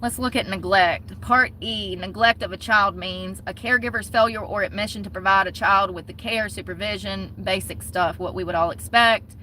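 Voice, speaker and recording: Blunt, bright-voiced Southern woman ranting. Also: mid-range voice, fairly even intonation, normal speed, few pauses, slight background noise. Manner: blunt, heated, swears freely. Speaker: vlogger. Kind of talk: casual ranting vlog.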